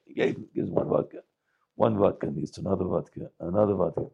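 A man telling a Hasidic story with a moral, halting often to restart, with Yiddish words mixed in. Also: deep voice, vocal fry, dark tone, husky, lo-fi sound. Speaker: storyteller and preacher.

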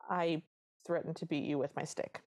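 A woman's voice: deep voice, fairly even intonation, moderate pace, a little mellow, slightly rough. A woman doing a puzzled, blustering troll.

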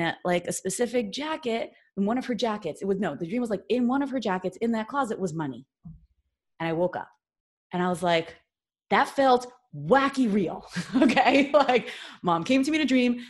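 A woman from New York, a podcast guest, telling a personal story in a chatty, animated way with lots of fillers and restarts. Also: on the low side. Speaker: podcast guest, business consultant. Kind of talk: casual storytelling.

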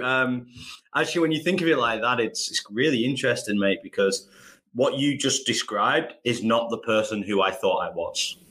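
A man's voice: mid-range voice, moderate pace, a bit bright. A man from England with a northern English accent, a podcast guest talking in a friendly, reflective way. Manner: friendly, reflective, calls people mate. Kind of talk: conversational interview.

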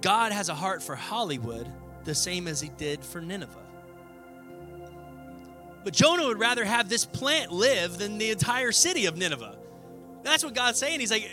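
A man preaching a sermon as pastor, conversational and animated, acting out the voices in his stories and often asking "right?". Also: sits high, normal speed, pauses often, soft background music.

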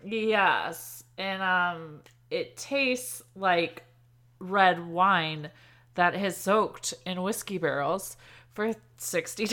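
A woman co-hosting a podcast in casual chat, with a dry, sarcastic humor and a habit of laughing and filling pauses. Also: on the low side, a bit bright. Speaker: podcast co-host. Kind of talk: casual chat over drinks.

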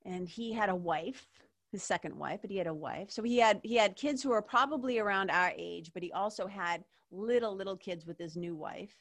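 A woman's voice: medium pitch, moderate pace, fairly bright tone. A woman hosting an interview, telling a personal story in a candid, emotional way, swearing freely and leaning on "like". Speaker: podcast host.

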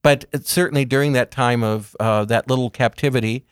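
Man guest, mid-pitched, calm explainer, unhurried lists; dry booth sound. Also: clear, resonant tone, no room sound. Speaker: guest speaker on religious topics. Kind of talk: calm explanatory interview talk.

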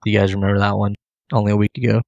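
A man's voice: fairly low pitch, level tone, very fast, creaky, a little mellow, dry recording, muffled recording. A man co-hosting a casual college football podcast from home, playful and teasing, bragging about his picks. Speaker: podcast co-host. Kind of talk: casual sports podcast chat. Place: at home, leaking kitchen ceiling.

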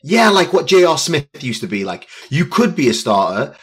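A man's voice: a little high, sing-song, moderate pace, breathy edge. A British man, a guest fighter, chatting casually and teasing the host playfully. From Britain. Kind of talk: casual chat.

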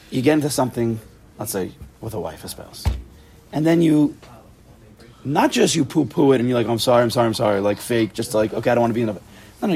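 Lively gravelly man teaching a class. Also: mid-range voice, slight background noise. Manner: animated, playful, rhetorical questions. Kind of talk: informal group Torah class.

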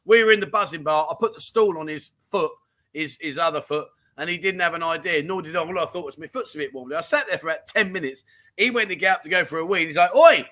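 A high-pitched man chatting on a casual livestream. His voice is bright and forward as he rattles through viewer comments, friendly and full of slang. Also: fast talker. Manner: chatty and animated, full of mate and diamond geezer slang. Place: home in Thailand.

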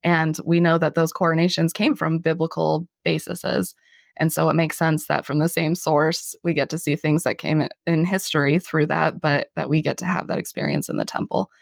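A woman's voice: low voice, moderate pace, creaky, no room sound, studio quality. A woman hosting a casual religious podcast, chatty and self-deprecating, often laughing as she talks. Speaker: podcast host.

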